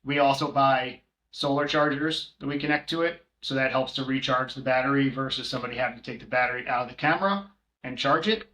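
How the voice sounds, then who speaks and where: A man's voice: medium pitch, quick pace, sharp tone. A man co-hosting a podcast, talking casually with many filler ums as he runs through tools and prices. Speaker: co-host, short-term rental manager. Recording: roomy echo.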